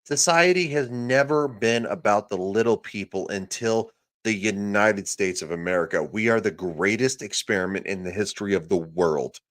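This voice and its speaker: A man hosting a podcast, loudly yelling and swearing through a political rant. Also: fairly low pitch, normal speed. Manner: loud, profane, yelling. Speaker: podcast host. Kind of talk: ranting political commentary.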